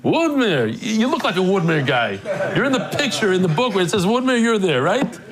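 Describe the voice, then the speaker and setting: A man hosting a daily class, telling a story in a lively, joking way and acting out the people in it, then greeting guests in the room. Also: high voice, brisk, crowd noise. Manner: animated, jokey, acts out the people in his stories. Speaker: daily Talmud class teacher and host. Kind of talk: casual storytelling to a live class.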